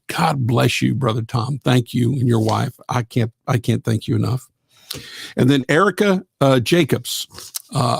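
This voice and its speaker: A middle-aged man hosts a live gospel radio show, chatting casually as if on a live stream, folksy and rambling with lots of fillers. His mid-range voice is gravelly and a little mellow with a breathy edge, and there's no room sound.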